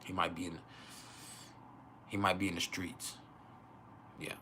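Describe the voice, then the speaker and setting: A man chats casually on an astrology livestream, joking, swearing and laughing often. His low voice has a forceful edge, with a faint hiss of background noise behind him. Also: little pitch movement, a little slow.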